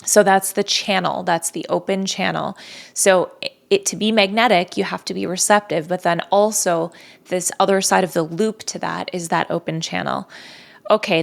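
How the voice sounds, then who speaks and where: Gravelly low-voiced woman podcaster. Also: moderate pace. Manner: soft, earnest, drifting into near-whispers. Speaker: podcast host. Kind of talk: reflective solo podcast talk.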